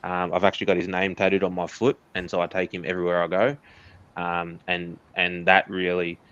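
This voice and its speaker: A man's voice: sits low, monotone, a little fast, fairly bright tone, smooth, highs cut off. A man with an Australian accent, an interview guest candidly telling a personal story in casual conversation. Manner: candid, earnest storytelling with laughs.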